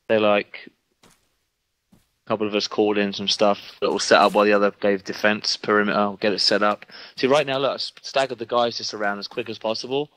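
Guy streaming a war game, lowish voice but real bright and forceful, kinda rambling as he plays. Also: no room sound, poor audio. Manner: rambling, thinks aloud while playing. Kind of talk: casual gaming commentary.

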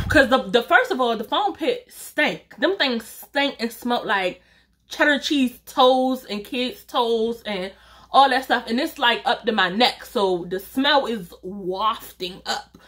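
A woman YouTuber telling a storytime vlog in an animated, chatty way, talking straight to her viewers and swearing casually. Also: a little high, takes it slowly.

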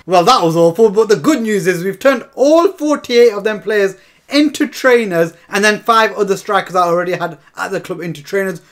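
Guy yelling over a football game, highish voice, keeps saying lads. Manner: chatty, keeps calling viewers lads, bursts into shouts and laughs. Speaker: gaming YouTuber. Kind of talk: excitable gameplay commentary.

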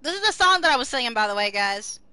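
Excitable high-voiced young woman streamer. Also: fast, dry recording. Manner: excitable, swears freely, sings along with music. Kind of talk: casual live-stream chat.

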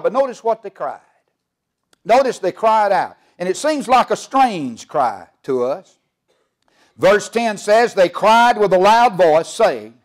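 A man's voice: high voice, animated, measured pace. A man preaching a sermon as pastor of a church, building emphasis and asking the congregation questions. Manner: preaching with swelling emphasis and call-and-response questions. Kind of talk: fiery Southern Baptist sermon. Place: church sanctuary.

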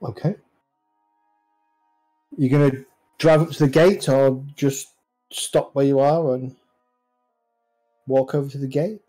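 Slow, mellow-voiced male game master. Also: medium pitch, fairly even intonation, faint music behind, rough recording. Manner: unhurried, descriptive narration. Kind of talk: narrating a tabletop game.

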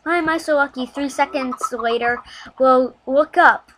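A woman giving casual, chatty commentary over a video game, getting excited and laughing as she plays. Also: sits high, moderate pace, slight background noise, low-quality recording. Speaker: gameplay commentator.

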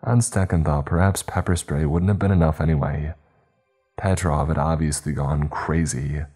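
A man narrating a horror story in a measured, tense way. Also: extremely low pitch, fairly even intonation, mellow, slightly rough. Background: faint background music.

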